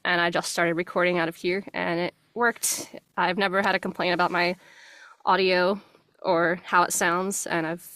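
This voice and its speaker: Speaking at a normal pace in a lowish voice, a young voice actress with a faint New Jersey accent is a relaxed, friendly interview guest who laughs easily. Her good mic in a small home closet studio gives a very dry, close sound with no room sound in a casual interview chat.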